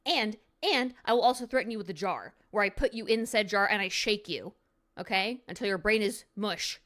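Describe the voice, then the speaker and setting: A woman's voice: mid-range voice, normal speed, fairly bright tone. A woman streamer giving a casual card review at her computer, goofy and playful with silly jokes.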